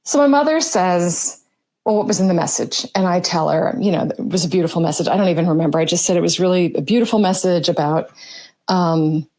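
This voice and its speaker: A woman's voice: lowish voice, lively intonation, brisk, a little mellow, no room sound. A woman writer telling a personal story about signs from the spirit world, reflective and acting out what others said. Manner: reflective, acts out quoted voices.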